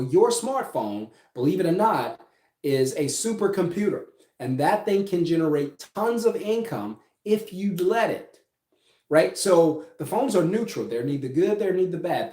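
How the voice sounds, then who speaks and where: A man's voice: fairly high pitch, big pitch swings, moderate pace, warm tone. A man giving an emphatic motivational business talk, firing rhetorical questions and tagging lines with "right?". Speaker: business coach. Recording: echoey room.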